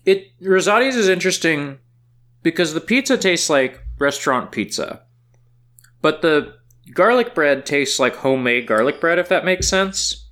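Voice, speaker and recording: A man chatting casually with friends, with a bright, forceful voice. His pitch swings a lot as he explains his views. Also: animated, normal speed. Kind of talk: casual chat.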